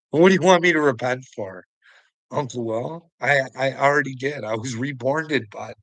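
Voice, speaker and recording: A vlogger answers a critic in a casual, rambling rant, mocking him with profanity, chuckling often and calling him "bud." His medium-pitched voice has lively intonation and a fairly bright tone, and he takes it slowly with long pauses. The recording is dry and low in quality.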